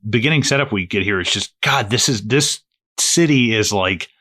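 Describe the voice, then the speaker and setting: A man co-hosting a movie podcast in casual chat, animated and profane, laughing often. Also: on the low side, moderate pace. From United States. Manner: animated, swearing, laughs often, slips into loud impressions. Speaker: podcast co-host.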